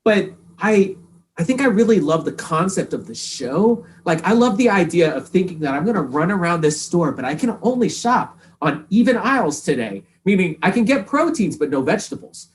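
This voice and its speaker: A man's voice: high voice, very animated, moderate pace, slight background noise. A man, a musician guest, chatting casually in an interview, laid-back and a little hesitant. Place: live-streamed interview, music set.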